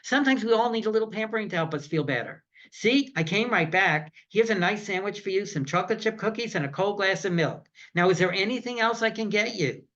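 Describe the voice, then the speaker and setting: A gentle, eager cartoon boy who fusses over a friend, read straight off the comic page by a man. The voice sits high and bright. The recording is a little dull and muffled. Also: lively intonation, a little fast, few pauses. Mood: solicitous. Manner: read aloud from a comic strip. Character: kindly fussing cartoon boy.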